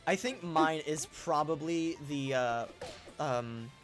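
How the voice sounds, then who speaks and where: A man's voice: fairly high pitch, takes it slowly, soft background music. A young man chatting casually on a game stream, rambling with many fillers and swearing. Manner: rambling, lots of fillers and swearing, loud laughing impressions. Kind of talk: casual gaming stream chat.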